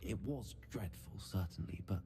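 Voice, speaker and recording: A man's voice: low voice, normal speed, warm tone. An actor playing a polite, reserved young male student newcomer in a video game.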